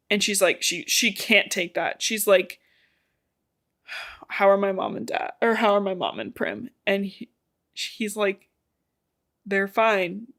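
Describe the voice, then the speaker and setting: Chatting casually on a podcast, a young female co-host retells a book's story, cursing without restraint and performing the characters' dialogue. She speaks in a mid-range voice with vocal fry and a fairly bright tone.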